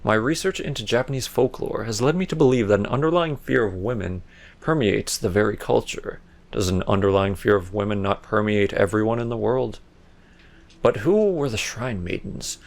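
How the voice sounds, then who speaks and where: A man's voice: lowish voice, gravelly. A man commentating a horror game playthrough, sarcastic and jokey, talking back to the game and reading its notes aloud. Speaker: gaming video host. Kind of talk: let's play commentary.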